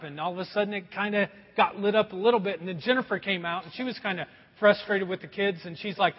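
A man's voice: high-pitched, fast talker, in a large hall, dull audio. A middle-aged man preaching a sermon in a church, telling folksy stories and calling his congregation folks. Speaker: pastor. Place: church sanctuary.

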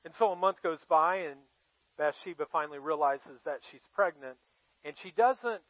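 A high-voiced male pastor delivers a sermon as casual storytelling. He pauses for effect and puts questions to his listeners. The recording is dry and slightly dull. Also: no room sound. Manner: conversational storytelling, dramatic pauses, asks the audience questions.

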